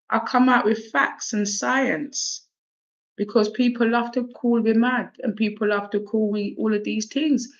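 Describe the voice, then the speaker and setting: Speaking on the high side, this South East London woman chats casually on a livestream while reading oracle cards. She laughs, stays animated, and swears freely amid streetwise slang, all in lo-fi sound.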